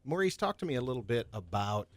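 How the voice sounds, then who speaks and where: Deadpan male radio co-host. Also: medium pitch. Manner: dry, deadpan humor, measured. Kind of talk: radio talk, bantering.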